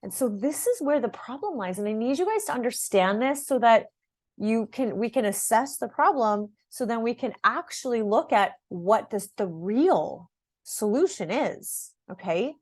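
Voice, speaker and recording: A woman's voice: a little high, animated, normal speed. A middle-aged woman fitness coach talking straight to her viewers about a program, in a chatty style. She repeats words and often checks in with "right?" and "okay?". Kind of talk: direct-to-camera program overview.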